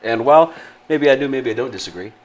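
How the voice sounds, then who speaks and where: A man's voice: mid-range voice, lively intonation, fast. Sarcastic, rambling male radio co-host. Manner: sarcastic, rambling, laughs often. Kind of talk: casual studio banter.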